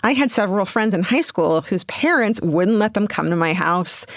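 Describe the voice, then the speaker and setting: A woman's voice: medium pitch, animated, moderate pace, no room sound, clean studio sound. A woman co-hosting a podcast, chatting casually and reading a listener's letter aloud with amusement. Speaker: podcast co-host.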